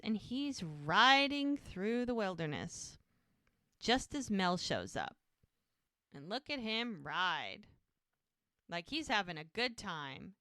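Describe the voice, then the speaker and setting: A woman's voice: medium pitch, pushed and bright, no echo, clean studio sound. A woman co-hosting a podcast, chattily retelling the scenes of a show in a casual recap. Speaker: podcast co-host.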